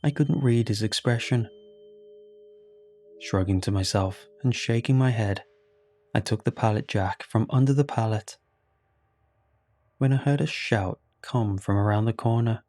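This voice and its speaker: A man narrating a first-person horror story in a calm, measured way. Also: fairly low pitch.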